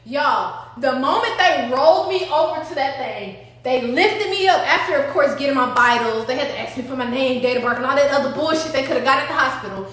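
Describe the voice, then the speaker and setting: A woman's voice: sits high, animated, brisk, hardly any pauses, a bit bright. A woman telling a personal storytime, dramatic and profane, talking straight to her viewers. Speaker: storytime vlogger. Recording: very echoey room.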